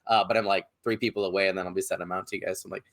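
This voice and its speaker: A man's voice: low-pitched, steady tone, rapid-fire. A man hosting a podcast over a video call, rambling casually with many fillers. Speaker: podcast host.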